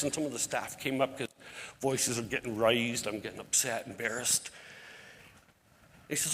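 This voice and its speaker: A middle-aged man telling a lively, folksy story to a church congregation, acting out the voices of the people in it. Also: medium pitch, a little fast, breathy edge. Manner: animated storyteller who acts out voices, folksy and plain-spoken. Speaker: outreach ministry leader, guest speaker. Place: church sanctuary. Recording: hall reverb from a church sanctuary.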